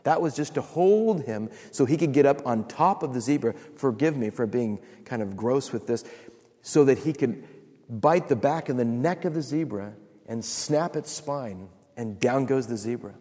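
A male pastor telling a story in a sermon, with dramatic pauses and laughs. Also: medium pitch, expressive, mellow. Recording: long reverb of a large hall.

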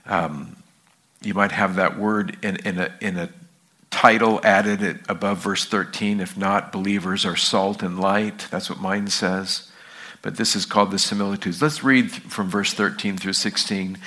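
A man's voice: low voice, steady tone, normal speed, sharp tone. A man pastor teaching an evening sermon, reading scripture and asking the congregation questions in a conversational way.

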